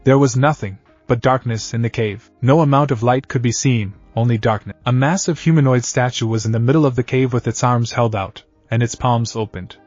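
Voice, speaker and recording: Male storyteller for a fanfic audiobook: steady delivery, dull lo-fi sound. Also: medium pitch, fairly quick, hardly any pauses, no echo, soft background music. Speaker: narrator.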